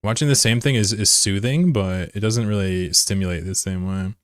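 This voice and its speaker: A man's voice: on the low side, moderate pace, dry recording, clean studio sound. A man live streaming and chatting casually with his viewers while he plays, laid-back, swearing freely and laughing easily. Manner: chats with viewers while playing a game. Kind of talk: casual livestream chat.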